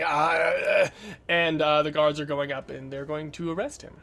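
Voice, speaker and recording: A man's voice: on the high side, steady tone, moderate pace, fairly bright tone. A man narrating as game master of a tabletop game in a loose, rambling way, with lots of fillers.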